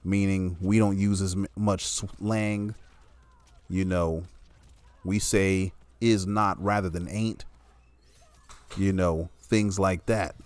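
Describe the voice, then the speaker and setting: A man with a low voice gives an opinionated commentary monologue, blunt and full of profanity. He leans hard on his points and keeps checking in with the listener. The sound is dry and close, with no room echo. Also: steady tone, slow, long pauses, darkish tone, clean tone. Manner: blunt, heavily profane, emphatic; peppers speech with "you know what I'm saying".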